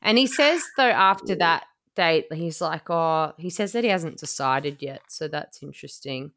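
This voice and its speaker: A woman's voice: low-pitched, animated, normal speed, fairly bright tone, slight background noise. A woman hosting a casual chat podcast, sarcastic and swearing freely, mocking people in silly quoted voices. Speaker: podcast host.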